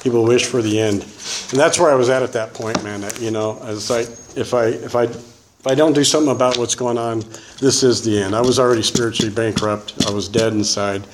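A man's voice: medium pitch, fairly even intonation, brisk. Man, recovery testimony, rambling, keeps saying man and you know, echoey room, faint noise. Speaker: recovering alcoholic sharing his story. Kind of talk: personal testimony.

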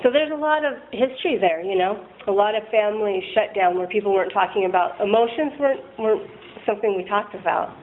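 Speaking quickly in a mid-range voice, a woman candidly recounts her personal recovery story, rambling, poking fun at herself, and laughing often. The line sounds tinny, like a phone, with faint noise.

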